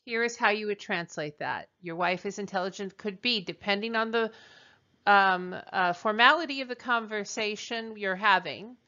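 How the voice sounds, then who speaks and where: A woman teacher leading a recorded translation drill, speaking slowly and deliberately with pauses. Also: medium pitch, pushed and bright, lo-fi sound. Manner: slow, deliberate dictation with pauses. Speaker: French teacher.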